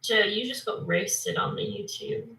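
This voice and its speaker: A woman's voice: on the high side, very animated, a little slow, bright, forceful tone. A woman co-hosting a casual live chat, blunt and exasperated, often correcting the others. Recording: roomy, distant from the mic.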